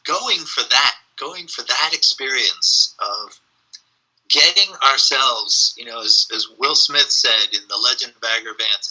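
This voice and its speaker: A man who is a guest on a podcast, talking in a relaxed, reflective way and telling animated stories with plenty of fillers. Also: mid-range voice, a little slow, slightly rough, rough recording. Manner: animated storyteller, frequent fillers. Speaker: podcast guest, spiritual teacher. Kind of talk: casual reflective conversation.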